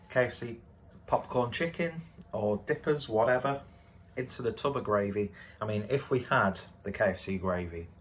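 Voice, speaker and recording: A man casually reviewing food to camera from a home kitchen, in a relaxed, dry and self-mocking way. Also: mid-range voice, slight background noise. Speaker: food vlogger.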